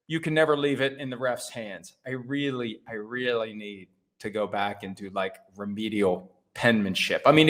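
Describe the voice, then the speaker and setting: A man's voice: medium pitch, a bit bright. Wry man hosting a sports talk show. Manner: wry, conversational, self-deprecating asides. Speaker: host.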